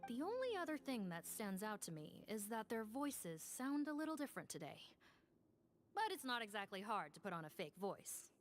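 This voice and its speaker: An actress playing a brisk, skeptical woman officer who speaks in a matter-of-fact way, from a video game. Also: mid-range voice, very animated, soft background music, lightly acted.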